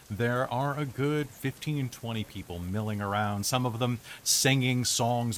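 A man running a tabletop role-playing game as game master, narrating in a relaxed, chatty way with frequent fillers. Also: on the low side, slight background noise.

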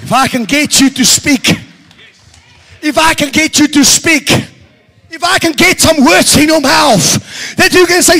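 A man preaching a sermon in an auditorium, shouting fervently, then dropping to a hush. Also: extremely high pitch, expressive, slow pace, long pauses. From South Africa. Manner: shouting, stirred-up preaching with sudden quiet drops.

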